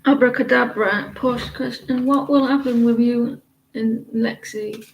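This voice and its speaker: A woman's voice: on the high side, fairly even intonation, unhurried, gravelly, reverberant, a little hiss or hum, rough recording. A British woman doing tarot readings and chatting in a rambling, gossipy way with lots of hesitations. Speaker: tarot reader. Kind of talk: casual live-stream chat.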